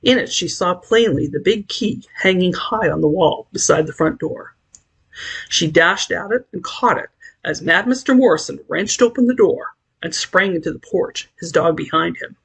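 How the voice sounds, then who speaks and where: An audiobook narrator reading a story aloud in a measured, expressive way. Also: medium pitch, creaky, husky.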